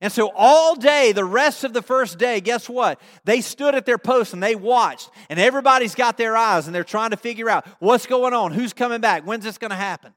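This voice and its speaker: High-voiced preacher in an echoing church. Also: male voice, moderate pace, few pauses. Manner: animated storytelling, addresses the congregation with questions. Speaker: pastor. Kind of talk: sermon. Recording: long reverb of a large hall.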